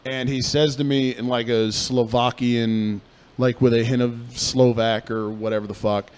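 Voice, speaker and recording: A man's voice: mid-range voice, a little slow, smooth. Young guy cohost rambling through a story, swears a lot, gets worked up. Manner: profane, animated storyteller. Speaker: podcast co-host. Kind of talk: casual storytelling chat.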